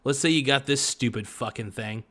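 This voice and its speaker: A man's voice: mid-range voice, normal speed, sharp tone. Profane sarcastic man ranting. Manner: profane, sarcastic, mocking voices. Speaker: podcast host. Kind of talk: ranting commentary.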